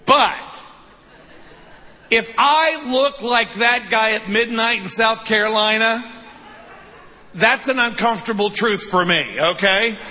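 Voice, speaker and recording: A man's voice: sits high, slow, long pauses, pushed and bright, big-room sound. A man in his fifties preaching a sermon, telling stories with self-deprecating humor and frequent "right?" asides. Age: 50s. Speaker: pastor.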